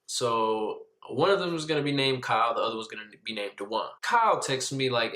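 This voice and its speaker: A man's voice: quick pace, hardly any pauses. Young male vlogger, dramatic storyteller, roomy sound. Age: young adult. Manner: dramatic, jumps to high pitch when excited. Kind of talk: animated story time.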